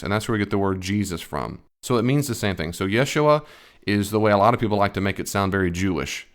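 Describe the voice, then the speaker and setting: A man giving a reaction commentary on a theology video, explaining firmly and correcting the speaker. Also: on the low side.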